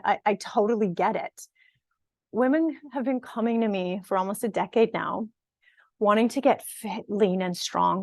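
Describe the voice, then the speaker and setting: A woman's voice: mid-range voice, no echo. Chatty woman coach, dry sound. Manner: conversational, checks in with "right?" and "okay?" often; empathetic and encouraging, with occasional laughs. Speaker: fitness and nutrition coach. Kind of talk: online workshop talk to viewers.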